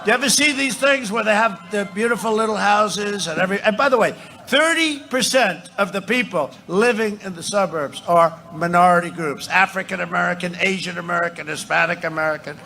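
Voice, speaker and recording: Guy at a podium doing a rally speech, kinda high voice, goes off on tangents, repeats stuff, yells some lines, faint noise behind. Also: fairly quick, vocal fry. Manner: repetitive, rambling with asides, bursts into shouts. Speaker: politician addressing a rally. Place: large rally venue.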